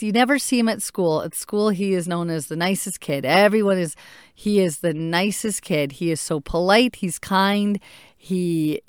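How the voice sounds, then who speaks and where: A woman in her thirties, a mother speaking candidly and reflectively, thinking aloud with pauses. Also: fairly low pitch, smooth, no room sound, clean studio sound. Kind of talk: personal talk to camera.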